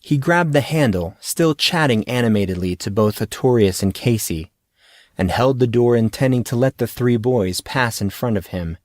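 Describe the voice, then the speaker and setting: Man, audiobook narrator, steady storytelling delivery, mid pitch, dry close mic. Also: moderate pace, no echo. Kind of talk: scripted narration.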